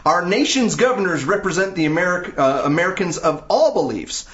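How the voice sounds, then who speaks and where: A man putting on a slow, high Southern drawl. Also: expressive, fairly bright tone. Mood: mock earnest. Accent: Southern US, put on. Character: man reading a statement in a mock Southern drawl. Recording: dull, echoey podcast audio.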